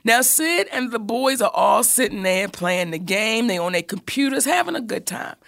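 A woman telling a personal story in casual chat, animated and swearing freely as she acts out what people said. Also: on the high side, normal speed, vocal fry.

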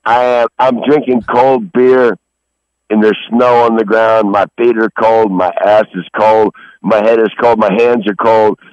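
A man's voice: fairly low pitch, little pitch movement, unhurried, darkish tone, no room sound. A man on a phone call who rambles angrily, swears constantly and sniffles from the cold outdoors. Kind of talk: profane phone rant. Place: outdoors behind a grocery store in snow.

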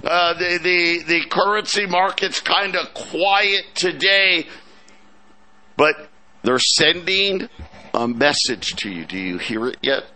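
A man hosting a markets talk show, animated and sarcastic, full of restarts and asides. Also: fairly high pitch, slow pace. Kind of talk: market commentary chat.

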